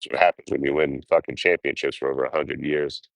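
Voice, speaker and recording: Deep-voiced man cursing through casual chat. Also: steady tone, quick pace, vocal fry, no room sound. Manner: profane, rambling, talks to viewers. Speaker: livestreaming traveler.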